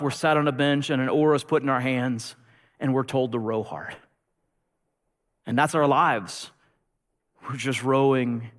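A male pastor preaching a sermon with animated storytelling that swings between loud and hushed. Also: mid-range voice, big-room sound.

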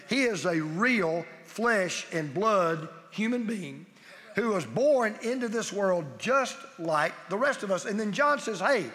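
Emphatic high-voiced preacher in a reverberant hall. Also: male voice, a bit bright. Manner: emphatic, repetitive preaching cadence. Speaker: pastor. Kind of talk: sermon.

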